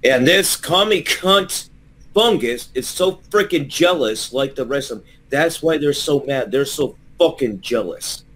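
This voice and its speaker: A man's voice: medium pitch, lively intonation, unhurried, fairly bright tone. A man ranting angrily and profanely during a heated livestream argument. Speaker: streamer guest.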